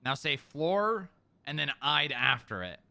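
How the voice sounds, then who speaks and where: Brief: male roleplay streamer, animated, gravelly, very bright tone, teasing. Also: on the high side, a little slow. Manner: teasing, animated, laughs easily. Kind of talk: casual in-character roleplay banter.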